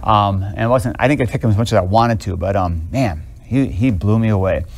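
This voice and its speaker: Middle-aged male professor, classroom lecture, chatty and lively, lots of ums. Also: fairly low pitch, a little fast, gravelly, slight background noise. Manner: casual, animated storytelling with many fillers. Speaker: seminary professor.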